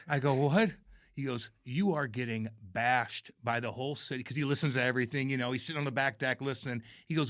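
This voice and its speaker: A man's voice: mid-range voice, fast talker, a bit bright, no room sound, clean studio sound. A podcast co-host and former hockey player, a man chatting bluntly and jokingly, swearing freely. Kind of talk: casual chat.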